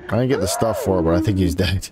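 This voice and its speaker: Speaking fast against a noisy background, a male YouTuber runs let's play commentary on his gameplay, taunting enemies and letting his voice jump high when annoyed. Game audio plays behind him.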